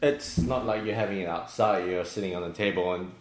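A man's voice: low-pitched, fairly quick. A man in a casual podcast chat, explaining things matter-of-factly. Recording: roomy echo.

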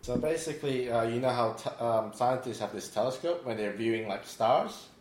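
A man's voice: mid-range voice, moderate pace, a little mellow, reverberant. A man explaining an idea on a casual podcast, hesitant with many ums.

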